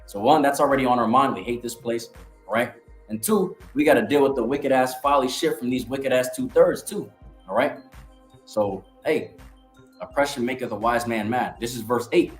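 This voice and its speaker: A man's voice: medium pitch, moderate pace. A man giving a casual preaching testimony from his ministry, reading scripture aloud. He talks bluntly, swears, and keeps checking in with "all right?". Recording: roomy echo, faint music behind.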